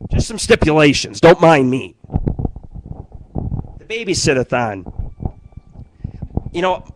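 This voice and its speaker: A man's voice: a little high, sing-song, takes it slowly. Profane rambling male radio host. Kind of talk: crude comedic monologue.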